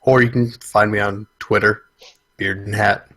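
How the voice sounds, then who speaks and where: A man's voice: lowish voice, fairly even intonation, measured pace, bright, forceful tone. A man from central Connecticut co-hosting a casual gaming podcast, dry and matter-of-fact. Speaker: podcast co-host. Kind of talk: casual chat.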